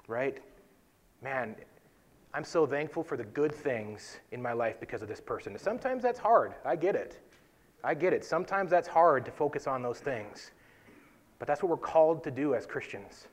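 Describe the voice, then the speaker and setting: A man hosting a devotional talk, teaching from scripture in an earnest, conversational way, often checking in with "right?" and dropping softly for emphasis. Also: expressive, normal speed. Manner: conversational, tags points with "right?"; earnest, drops to soft low emphasis. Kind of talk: casual Bible teaching.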